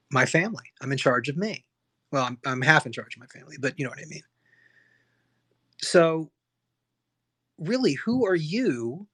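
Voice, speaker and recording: A man's voice: on the high side, a bit bright. An American man hosting his own livestream, talking in an impassioned, rambling way full of restarts and rhetorical questions. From United States. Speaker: livestream host. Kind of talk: solo livestream rant.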